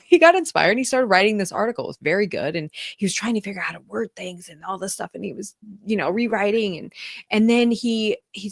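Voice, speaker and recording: Animated storytelling woman, dry close sound. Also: on the low side, no room sound. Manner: animated storyteller, acts out quoted dialogue, many fillers. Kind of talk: conversational interview storytelling.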